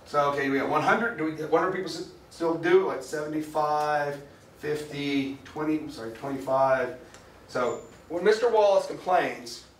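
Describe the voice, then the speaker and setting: A man's voice: a little high, recorded from a distance, slight background noise. Chatty man lecturing in an echoey hall. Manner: chatty, jokey, asks the class questions. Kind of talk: classroom lecture with student discussion.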